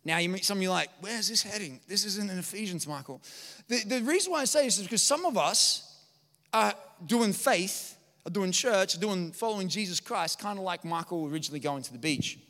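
A high-voiced man in his thirties preaching in a church. His tone is bright and forceful, and he tells jokes and animated stories. The sound carries a long hall reverb. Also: a little fast. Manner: energetic, joking, animated storytelling. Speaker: pastor. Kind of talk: sermon.

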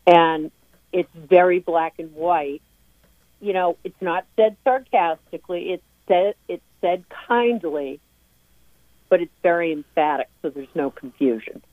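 A middle-aged woman, interviewed as the parent of a recovering addict, speaks earnestly and emphatically, often restarting her sentences. Her voice is lowish and a little slow, heard over a tinny, dry phone line.

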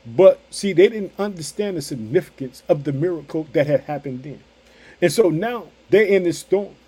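A man preaching with fervor, his voice sitting high for a man. He hammers home repeated catchphrases and jumps from booming declarations to quiet, intimate asides. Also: animated, moderate pace, husky. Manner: emphatic, repeats catchphrases, swings between loud outbursts and hushed asides. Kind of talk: sermon.

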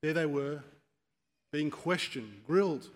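A man's voice: on the high side, animated, slow. A man preaching a sermon, telling stories and acting out quoted speeches with rising force. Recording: long church reverb.

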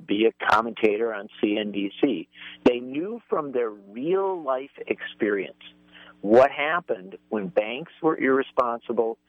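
A man's voice: medium pitch, no echo. A man appearing as a political commentator on talk radio, making emphatic points with rising stress. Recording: phone line.

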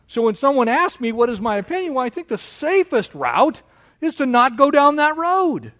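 Male pastor, sermon, very high voice, lively swooping pitch, animated preaching. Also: moderate pace. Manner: animated preaching, mocking quoted objections in a higher voice.

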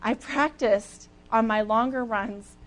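A young woman giving a sermon as a lively, chatty personal story, with casual fillers and easy laughs. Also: fairly high pitch, slow pace. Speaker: speaker at a church talk.

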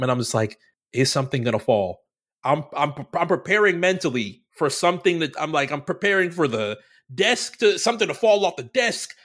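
A man co-hosting a podcast, telling a story in loose, casual chat. His voice sits a little high and swings widely in pitch as he acts out his own reactions, with plenty of swearing. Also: a bit bright. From Florida. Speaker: podcast co-host.

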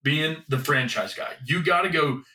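A man's voice: on the high side, moderate pace, bright, forceful tone. A man co-hosting a podcast in casual sports chat, loose and rambling, now and then swearing. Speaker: podcast co-host. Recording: echoey room, mic at a distance.

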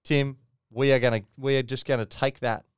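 A man's voice: mid-range voice, little pitch movement, a little fast, clean tone, no echo, studio quality. A middle-aged Australian man co-hosting a podcast in casual chat, laughing and swearing as he tells stories and acts out the people in them. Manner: laughing storyteller, swearing, acting out people he quotes. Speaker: podcast co-host.

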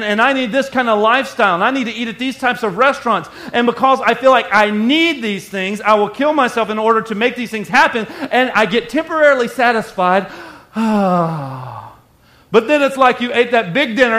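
A man's voice: very high-pitched, lively intonation, brisk, sharp tone. A man preaching a conversational sermon and acting out the voices of everyday people. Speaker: pastor.

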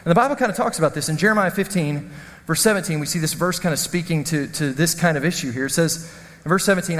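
A man preaching a sermon as the pastor, telling stories in an animated, self-mocking way. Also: on the high side, fairly quick, big-room sound. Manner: storytelling, animated, self-deprecating.

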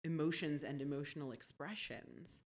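Low-voiced woman thinking aloud. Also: moderate pace. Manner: thoughtful, keeps checking in with "right?". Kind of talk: conversational podcast chat.

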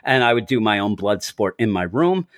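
A man co-hosting a podcast in casual chat, his pitch leaping up and down as he jokes and acts out quotes. The sound is dry and close. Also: normal speed, dry recording. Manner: animated, jokey, acts out quotes with big pitch swings. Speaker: podcast co-host.

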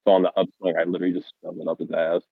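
Deep-voiced player on a tinny line. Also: male voice, level tone, very fast, creaky, husky, no room sound. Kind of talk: playing a character in a tabletop game.

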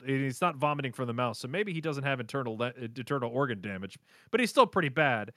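A man co-hosting a casual podcast, animatedly retelling an anime plot with quick voice impressions and laughter. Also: medium pitch, animated, a bit bright, dry recording, studio quality. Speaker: podcast co-host recapping an anime. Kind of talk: casual chat.

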